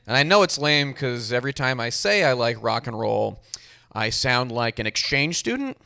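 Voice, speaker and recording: A man's voice: mid-range voice, very animated, moderate pace, gravelly, sharp tone. A young man doing a stand-up comedy set with a dry, self-deprecating delivery. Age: young adult.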